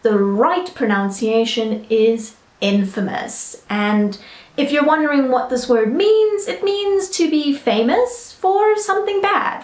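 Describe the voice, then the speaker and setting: A woman with a British English accent teaching English pronunciation in a chatty way, often checking in with "all right?" and slowly modelling each word. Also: on the high side, a little mellow, reverberant. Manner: slow, careful model pronunciations. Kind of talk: online English lesson.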